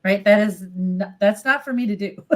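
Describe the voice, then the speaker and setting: A middle-aged woman and healer in casual live chat, candid and animated, swearing casually and acting out her own inner voice. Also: mid-range voice, normal speed, low-quality recording. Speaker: co-host, healer.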